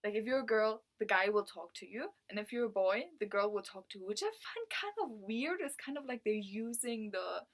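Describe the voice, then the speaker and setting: A woman's voice: mid-range voice, animated, a little fast, hardly any pauses. A woman from Germany, a native German speaker, talking casually to camera, telling a story with frequent laughs and fillers. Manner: chatty, laughs often, many fillers like "like". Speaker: vlogger.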